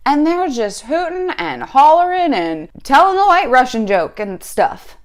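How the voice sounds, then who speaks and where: Sports fan lady venting, highish voice that jumps all over, swears a lot, wry. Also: normal speed. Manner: animated, profane, wry storytelling. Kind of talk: casual fan reaction rant.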